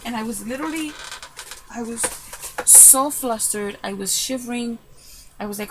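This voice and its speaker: A woman crafting vlogger telling a story in a casual, excitable way, recorded in her room at home. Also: fairly high pitch, normal speed, gravelly, background noise. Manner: chatty, excitable, retells with quoted asides.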